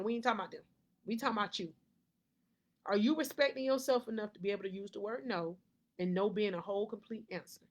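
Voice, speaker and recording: A woman's voice: a little high, fairly bright tone. A woman life coach giving a motivational faith talk to camera, preachy, repeating key lines and laughing often.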